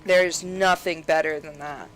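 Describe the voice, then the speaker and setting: A woman's voice: deep voice, fairly even intonation, a little slow, low-quality recording. A woman gaming creator casually ranting and laughing over gameplay, rambling and swearing freely.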